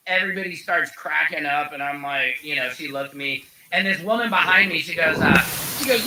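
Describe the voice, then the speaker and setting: Bright high-pitched animated male vlogger. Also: fast talker, rough recording. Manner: animated, jokey, addresses viewers as Patriots. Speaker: online commentator. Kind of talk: casual vlog storytelling.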